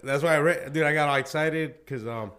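A man's voice: fairly high pitch, a little fast, fairly bright tone. A man hosting a podcast, chatting and telling profane stories full of slang. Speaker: podcast host. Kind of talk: casual chat.

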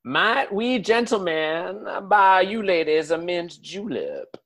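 Man putting on a drawling southern gentleman. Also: high-pitched, wildly swooping pitch, husky, full character voice. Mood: courtly, leering. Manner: flowery archaic drawl, slow and theatrical. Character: pompous old-fashioned southern gentleman, courtly. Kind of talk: improv comedy.

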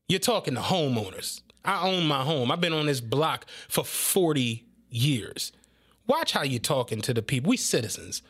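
Stern older homeowner as a man puts him on, deep for him, slow measured scolding, dignified and firm. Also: fairly bright tone, breathy edge. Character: stern older male homeowner lecturing a cop.

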